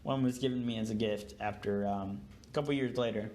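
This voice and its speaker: A man's voice: on the low side, fairly even intonation, brisk, a little mellow, slight background noise. A young man co-hosting a podcast, sleep-deprived and yawning, telling a rambling story full of fillers and restarts in casual chat. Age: young adult. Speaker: podcast co-host.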